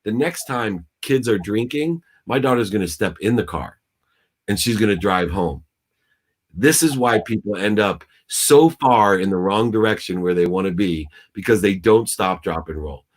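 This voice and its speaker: A man's voice: on the low side, expressive, normal speed. A man on a video call telling a personal story in an intense, preachy way, as a business coach guest. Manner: intense, preachy, acts out shouting in quotes. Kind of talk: animated storytelling in a talk interview.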